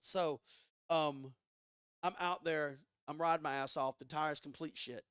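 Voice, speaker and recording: A man tells a story in a casual, excitable way, with plenty of swearing and false starts. His voice sits fairly high. The sound is dry and close, with no room echo. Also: measured pace, clean tone. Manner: animated, profane, frequent restarts. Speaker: podcast guest. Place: studio.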